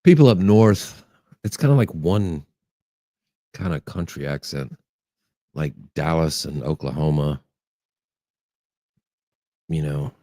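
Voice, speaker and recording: A man's voice: a bass voice, slow pace, long pauses, dark tone, dry recording, clean studio sound. A man from Texas with a mild Texas accent, co-hosting a casual chat and telling easygoing stories. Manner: easygoing storyteller, laughs often. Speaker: podcast co-host.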